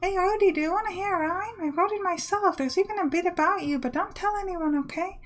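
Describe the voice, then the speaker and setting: A woman voicing a playful young girl sharing a secret rhyme in a hushed, conspiratorial way. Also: very high-pitched, quick pace, faint music behind, pitched above the performer's own voice.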